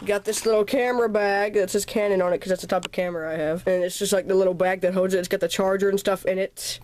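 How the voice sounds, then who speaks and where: A woman's voice: mid-range voice, fairly even intonation, quick pace, a little mellow, slight background noise. Chatty teen girl, a bit sick. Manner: rambling, chatty, points at items one by one. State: a little sick, slightly out of breath. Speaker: vlogger. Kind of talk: casual birthday haul vlog. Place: dark bedroom at home. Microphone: camera's built-in mic.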